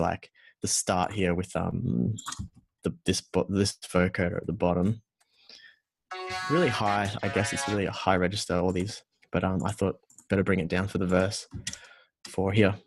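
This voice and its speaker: A man's voice: sits low, little pitch movement, moderate pace, slight background noise. A man with an Australian accent, a music producer walking through his session in a casual, self-deprecating way with many fillers. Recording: music playing behind the voice.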